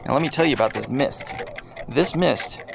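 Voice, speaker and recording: A man hosting a video and commenting casually over clips in a deadpan, rambling, joking way. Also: medium pitch, rapid-fire, vocal fry, noisy background. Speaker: video host.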